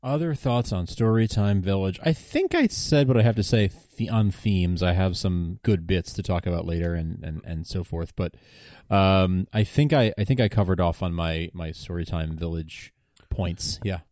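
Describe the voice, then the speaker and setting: A man's voice: deep voice, expressive, normal speed, darkish tone, dry recording, clean studio sound. A man co-hosting a podcast in a casual chat, often repeating words and restarting his sentences as he talks. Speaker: podcast co-host.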